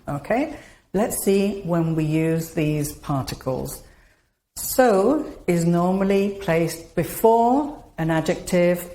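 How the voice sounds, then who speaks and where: A woman's voice: fairly low pitch, warm tone, reverberant. A woman teaching an online grammar lesson, often checking in with a rising "okay". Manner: checks in with frequent rising okays.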